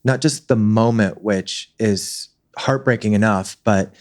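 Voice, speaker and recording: A male interview host with a somewhat low voice. He asks long, earnest, meandering questions and leads the guest gently into her story. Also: a little slow.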